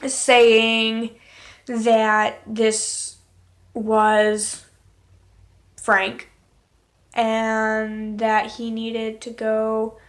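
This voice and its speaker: A woman's voice: fairly high pitch, a bit bright. A woman vlogger telling a personal story in a candid, exasperated way, with blunt swearing. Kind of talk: casual story time.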